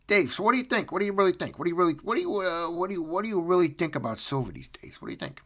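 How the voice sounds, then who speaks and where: A man's voice: sits high, sing-song, rapid-fire, fairly bright tone, pitched above the performer's own voice, heavily acted. A man playing a pushy interrogator who coaxes and badgers with repeated questions. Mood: badgering. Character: pushy male interrogator with truth serum.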